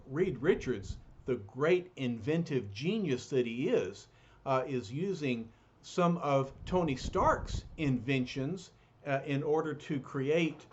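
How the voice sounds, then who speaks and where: A man reading a comic book aloud to a child, getting expressive with the heroes' lines. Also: slight background noise. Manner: expressive read-aloud, raises pitch for quoted heroes. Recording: dull lo-fi recording.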